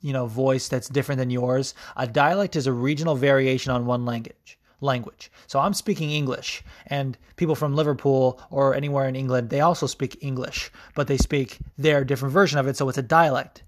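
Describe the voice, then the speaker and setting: A man's voice: mid-range voice, steady tone, a little fast, hardly any pauses. A young man hosting a podcast, chatting casually through sports news with lots of ums, restarts and offhand swearing. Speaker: podcast host.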